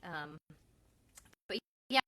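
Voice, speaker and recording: A woman's voice: drawn-out words, pushed and bright. A woman hosting a casual craft live stream, chatting and reading out viewer comments.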